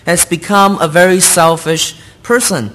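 A man's voice: high voice, steady tone, measured pace, fairly bright tone. A man interpreting a sermon into English line by line, earnest, with hesitant fillers and non-native grammar.

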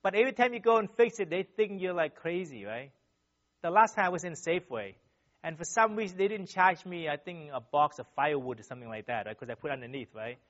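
High-pitched male church speaker, earnest and animated, with a constant "right?" tag; muffled lo-fi recording. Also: quick pace. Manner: tags nearly every sentence with a questioning "right?". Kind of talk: sermon with personal stories. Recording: dull, lo-fi sound.

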